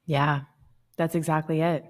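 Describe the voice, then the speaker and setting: A woman co-hosting a podcast, explaining emotional patterns in a calm, reflective, therapeutic way. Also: low-pitched, a little slow. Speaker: podcast co-host.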